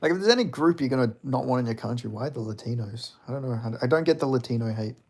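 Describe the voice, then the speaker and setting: A man's voice: medium pitch, animated, quick pace. A young man chatting casually on a livestream, rambling and reading out comments, with lots of fillers and swearing. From Australia. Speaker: streamer.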